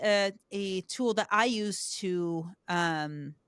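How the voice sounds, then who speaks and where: Woman, podcast host, animated storytelling, frequent restarts, medium pitch, dry room. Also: takes it slowly, smooth, no room sound. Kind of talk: casual conversational interview.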